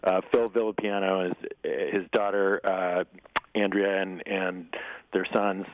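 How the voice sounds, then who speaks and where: A man who is an actor guest in a casual interview, rambling with many restarts and quick chuckles. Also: deep voice, little pitch movement, no room sound, narrow, tinny audio.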